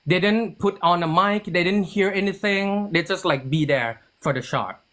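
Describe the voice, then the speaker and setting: A man who writes and produces a TV series, telling a story in a casual interview. He talks in an animated way, acts out quoted dialogue, and often restarts his sentences with "like". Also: high-pitched, normal speed.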